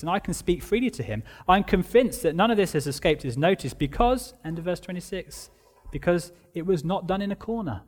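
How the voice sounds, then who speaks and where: A man's voice: fairly high pitch, big-room sound. A man preaching a sermon, earnestly stressing key words and repeating phrases for emphasis. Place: church.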